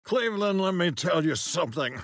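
An actor playing an eccentric, cheerful cartoon mayor. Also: male voice, lively intonation, brisk, a bit bright, no room sound. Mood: chipper. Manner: oddly chipper, sudden leaps in pitch. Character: eccentric, cheerful middle-aged male mayor.

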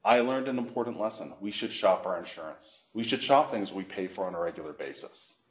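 A middle-aged man from Canada, a financial educator giving a workshop, telling animated stories and acting out phone calls. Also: low voice, brisk. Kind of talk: workshop presentation with anecdotes. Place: library meeting room. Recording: echoey room.

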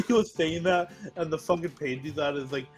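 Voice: mid-range voice, normal speed, faint music behind. A bemused co-commentator who swears casually while reacting to a let's play.

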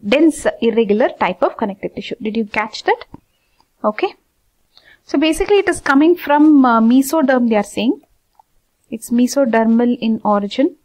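A woman teaching anatomy in an informal lecture, repeating terms slowly and asking her students questions. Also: on the high side, darkish tone.

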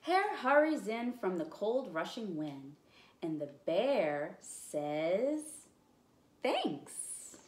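A woman librarian reading a picture book aloud at storytime, with slow, expressive, encouraging delivery. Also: medium pitch, roomy sound. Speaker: children's librarian.

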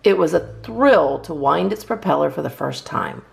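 Faint guitar music plays behind a woman reading a children's picture book aloud at a normal speed. Her voice is deep and gravelly, and her delivery is animated, swooping up and down with expression.

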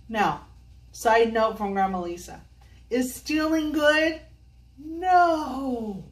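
An older woman reads a storybook aloud to children, slow and coaxing, a little high in pitch. She sounds a distance from the mic in an echoey room. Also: lively intonation. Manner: slow, sing-song, coaxing questions to kids. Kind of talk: reading a picture book to children.

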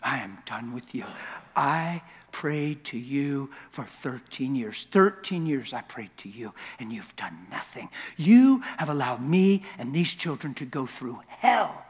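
A man voicing a bitter, worn-out wife who speaks in a cold, hushed whisper, as part of a sermon. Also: mid-range voice, expressive, unhurried, husky, in a large hall.

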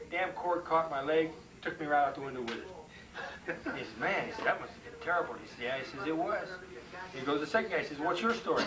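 A man casually telling jokes at a party, drawling and acting out the characters. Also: a little high. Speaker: joke teller. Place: bar or party room. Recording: far-off camcorder mic with crowd chatter.

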